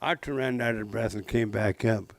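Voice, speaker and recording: Older storyteller guy, kinda gravelly, joking with the crowd, dry close sound. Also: lowish voice, normal speed, no echo, poor audio. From Pacific Northwest of the US. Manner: playful, interactive, jokey asides. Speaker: traditional storyteller. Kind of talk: live storytelling to an audience. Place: public library talk.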